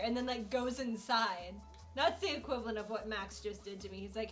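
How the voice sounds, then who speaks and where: A woman's voice: a little high, a little fast, faint music behind. A woman live-streaming while she plays a video game, chatting casually and dramatically, exasperated and laughing often.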